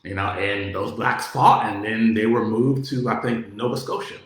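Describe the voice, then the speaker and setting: Profane, animated man in an echoey room. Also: lowish voice, moderate pace. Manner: profane, animated, heavy filler words. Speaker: political commentator. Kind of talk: casual monologue.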